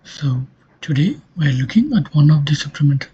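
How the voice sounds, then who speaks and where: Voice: medium pitch, expressive, fairly quick, mellow, slightly rough, lo-fi sound. A linguistics lecturer giving a recorded online lesson, explaining step by step and often checking in with "okay".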